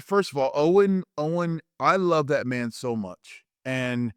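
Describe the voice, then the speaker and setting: A man in his fifties, a former wrestler and interview guest, telling lively anecdotes and acting out quotes with frequent restarts. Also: a little high, measured pace, clear, resonant tone, no echo, clean studio sound. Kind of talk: animated storytelling in a podcast interview.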